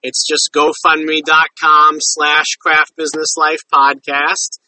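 A man's voice: fairly high pitch, completely flat delivery, slow, sharp tone, far from the mic, slight background noise, poor audio. A man hosting a podcast, talking in a friendly, rambling, slightly apologetic way. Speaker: podcast host. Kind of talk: casual interview chat.

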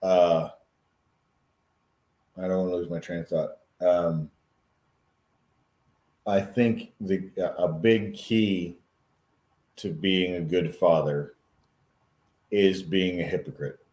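Very deep, very slow man in a roomy space. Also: darkish tone. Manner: slow and deliberate. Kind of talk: casual conversation. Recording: roomy echo.

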